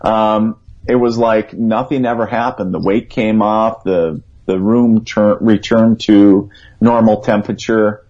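On a call-in radio show, a guest psychic with a lowish, darkish voice speaks at a measured pace with fairly even intonation. His conversational storytelling is earnest and rambling, and he voices his own thoughts as quotes. The audio is dull, lo-fi radio quality.

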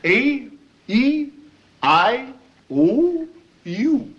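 A prissy male elocution teacher from an old TV sitcom. He drawls slowly and precisely in a high, prim voice, and the sound is muffled and dull. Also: big pitch swings, heavily acted. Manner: prim, over-precise diction.

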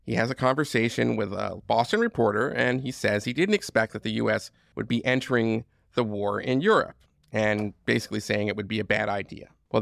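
A man's voice: on the low side, gravelly, fairly bright tone, dry recording, clean studio sound. A man hosting a podcast, telling history in a conversational monologue with frequent asides and fillers. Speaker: podcast host.

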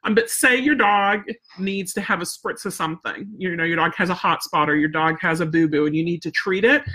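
This dog trainer is a woman with a fairly low, slightly rough voice, fairly bright in tone and a little fast. On her live stream she's casual and straightforward, firm about following through, and keeps asking "right?" and "okay?" after her points.

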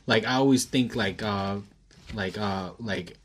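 A young man with a husky voice, chatting casually. He is slangy and laid-back and laughs often. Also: fairly low pitch, a little slow. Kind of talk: casual chat.

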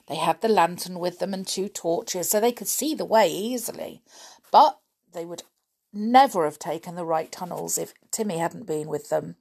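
A woman reading a children's adventure book aloud with expressive, dramatic narration. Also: lowish voice, moderate pace, vocal fry, husky. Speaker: storyteller.

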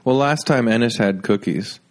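A man's voice: medium pitch, darkish tone. Joking man hosting a chat show. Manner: joking, quick banter. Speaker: podcast host. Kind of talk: casual chat.

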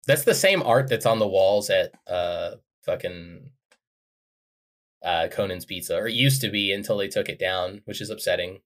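A man's voice: low voice, normal speed, a bit bright. A man co-hosting a podcast, chatting casually and wryly as he reacts to songs, with offhand swearing. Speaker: podcast co-host. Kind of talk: casual music-reaction chat. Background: faint music playing.

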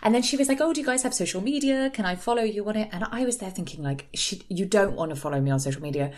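A young British woman co-hosting a podcast, chatty and animated as she tells stories. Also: mid-range voice, fast talker. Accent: British English. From Britain. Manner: chatty storyteller, lively and animated. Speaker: podcast co-host. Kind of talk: casual chat.

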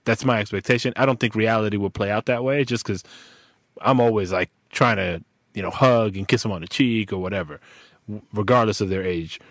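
A man's voice: lowish voice, fairly quick, dry recording, studio quality. Laid-back man hosting a podcast. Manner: relaxed, rambling with restarts and slang. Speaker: podcast host. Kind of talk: casual podcast chat.

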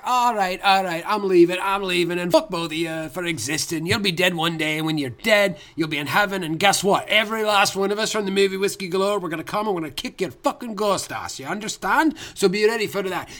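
A man's voice: sits high, lively intonation, a little fast, hardly any pauses, bright, forceful tone. A man improvising a dead Scottish narrator's ghost in a comedy podcast bit, folksy and rambling with a Scottish accent that thickens as the figure drinks whiskey and turns foul-mouthed. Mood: menacing. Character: dead, boozy old Scottish male narrator ghost, folksy turning mean.

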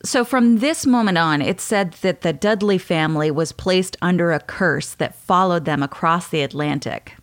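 Woman, podcast host, casual storytelling, chatty, somewhat low voice. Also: moderate pace, hardly any pauses.

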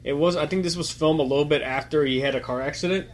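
A man's voice: fairly high pitch, quick pace, slight background noise. A man giving casual, chatty commentary while watching a film, thinking aloud and chewing popcorn as he talks. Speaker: movie watch-along host. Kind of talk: casual live movie commentary.

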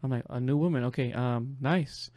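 A young man, a podcast co-host, telling a long rambling story in casual chat. He laughs often and drops his voice low to quote others. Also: moderate pace, darkish tone, no echo.

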